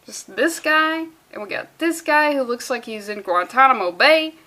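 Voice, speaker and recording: A woman's voice: sits high, lively intonation, moderate pace, sharp tone. A woman casually reviewing a comic book, sarcastic and profane, acting out the characters' lines in passing.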